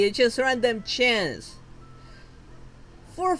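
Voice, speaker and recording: A woman's voice: mid-range voice, lively intonation, unhurried. A woman from Argentina, streaming a gacha game and ranting in frustration with lots of swearing.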